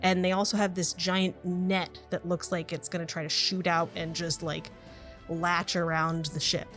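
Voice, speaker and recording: A woman's voice: on the low side, little pitch movement, moderate pace, a bit bright, soft background music. A woman narrating as game master of a tabletop game, chatty and laughing often.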